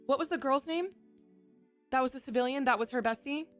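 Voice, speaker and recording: A woman's voice: high voice, fairly quick, faint music behind. Chatty woman streaming live. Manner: chatty, reacting to viewers' chat messages. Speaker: livestreamer and former reality show contestant. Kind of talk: casual livestream chat. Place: home streaming setup, faint music behind.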